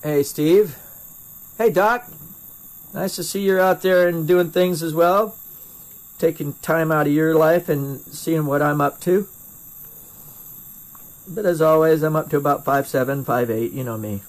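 This middle-aged glassblower from North Carolina speaks at normal speed in a steady, higher-pitched voice while streaming a live torch demo. Chatting casually, he rambles, restarts frequently and gets a bit self-deprecating as he fields viewer questions, captured by a first-person camera mic in his home studio.

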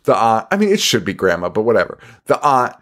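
There's slight background noise behind this man's lowish, somewhat bright voice, and he talks fast and very animatedly. Co-hosting a podcast, he recaps a film in a rambling, profane way, laughing and quoting it mockingly.

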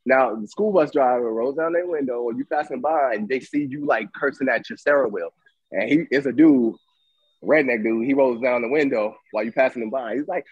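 A man co-hosting a casual debate chat, telling animated stories and acting out what others said. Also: mid-range voice, quick pace, husky, dry recording, dull audio. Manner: animated storytelling, acts out quoted voices. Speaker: podcast co-host.

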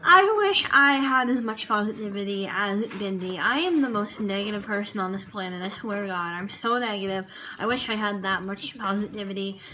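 A woman's voice: medium pitch, moderate pace, sharp tone, a little hiss or hum, poor audio. A woman chatting casually in a vlog review of a TV show, gushing and rambling with lots of fillers. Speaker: vlogger reviewing a TV dance show.

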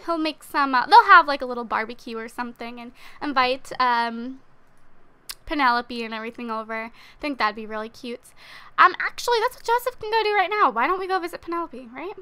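A woman's voice: high-pitched, a little fast, sharp tone, clear, resonant tone. A young woman giving casual, chatty commentary while she plays a life-sim game, using lots of fillers. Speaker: let's play host.

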